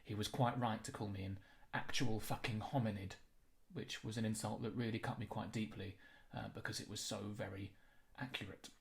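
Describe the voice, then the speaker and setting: A young man narrating a comedy apology in a dry, mock-apologetic deadpan. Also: fairly low pitch, brisk, gravelly, slight background noise.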